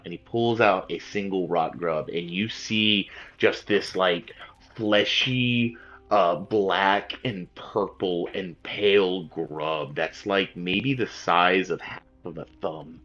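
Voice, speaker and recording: A man's voice: low-pitched, slow pace, fairly bright tone. A man narrating a tabletop game as game master, rambling with many fillers and restarts. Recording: dull lo-fi sound with faint music.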